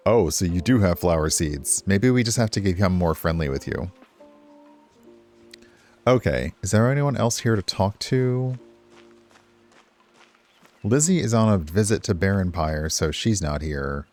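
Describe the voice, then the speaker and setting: Brief: deep-voiced male streamer, rambling casual game chat, animated delivery. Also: a little slow, pauses often, faint music behind. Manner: rambling, chatty, talks to chat. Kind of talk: casual gameplay commentary.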